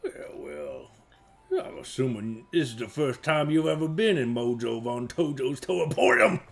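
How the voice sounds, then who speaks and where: A gravelly, swaggering shopkeeper cat. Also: male voice, mid-range voice, animated, measured pace, faint music behind, pitched above the performer's own voice. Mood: jovial. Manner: taunting, threatening, swaggering. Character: arrogant, menacing fluffy male cat shopkeeper. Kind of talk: tabletop role-play voicing.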